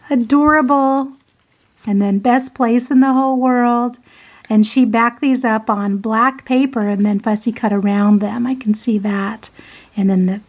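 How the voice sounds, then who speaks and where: A woman with a fairly high voice who unwraps craft swap mail for her viewers. She talks in an unhurried way and gushes with excitement, gasping and exclaiming over every piece. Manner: gushing, excited, lots of gasps and exclamations. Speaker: craft vlogger. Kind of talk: casual unboxing chat.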